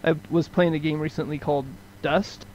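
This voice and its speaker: A man's voice: on the high side, fairly even intonation, moderate pace, a little mellow, a little hiss or hum, low-quality recording. A young American man chatting casually on a podcast, laid-back and hesitant with ums. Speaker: podcast co-host. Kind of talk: casual chat.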